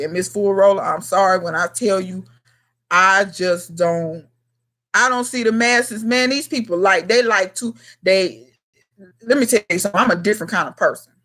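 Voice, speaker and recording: Casual livestream host, woman, 30s, mid-pitched, blunt and slangy, speaks straight to viewers. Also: a bit bright. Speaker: gardening channel host.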